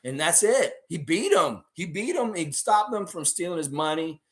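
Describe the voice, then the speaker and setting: A young man with a hoarse voice hosting a live stream, rambling animatedly through stories and chat with his viewers. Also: fairly high pitch, animated, normal speed, a bit bright.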